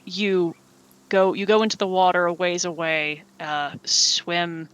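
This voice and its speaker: A game master narrates a tabletop game, circling back and restarting sentences as the scene unfolds. The voice is bright and forward, at a middle pitch. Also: steady tone, measured pace, smooth, highs cut off. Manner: rambling, full of fillers and restarts.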